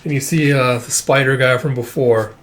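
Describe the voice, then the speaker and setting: A man's voice: medium pitch, fairly even intonation, moderate pace, fairly bright tone, slight background noise. A man casually reading through a manga and narrating the action, with rambling, profane asides. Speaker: manga reader. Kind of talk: casual read-through with commentary.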